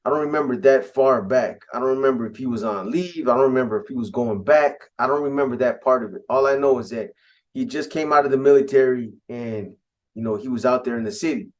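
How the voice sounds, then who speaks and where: A man with a mid-range voice speaks fast as a podcast storyteller, casually relating a first-person story in laid-back street slang. He restarts frequently and drifts into asides.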